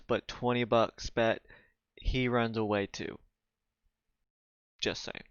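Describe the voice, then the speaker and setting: Excitable man playing a video game. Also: medium pitch, takes it slowly, long pauses, a little hiss or hum. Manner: excitable, jokey asides. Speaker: gamer. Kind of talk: let's play commentary.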